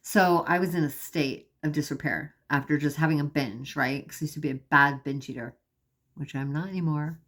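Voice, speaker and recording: A woman records a personal video diary with a somewhat low voice. She talks earnestly and with emphasis, straight to her viewers. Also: normal speed, fairly bright tone. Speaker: vlogger.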